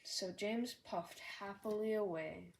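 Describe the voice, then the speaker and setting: A woman narrating a children's railway story aloud. She reads slowly and gently with a mid-range pitch, taking her time over each line. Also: vocal fry, echoey room, noisy background.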